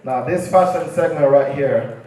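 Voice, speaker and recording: A man's voice: on the high side, unhurried, mellow. A young man with a Nigerian accent, hosting a live show and telling comic stories with punchlines. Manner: storytelling with punchlines, playful. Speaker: emcee and stand-up host. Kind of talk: stand-up comedy at a live show. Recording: very echoey hall from far off.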